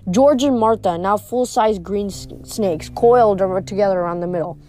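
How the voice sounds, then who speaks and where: Mellow woman reading a storybook aloud. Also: mid-range voice, moderate pace, faint music behind. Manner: steady first-person narration. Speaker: audiobook reader.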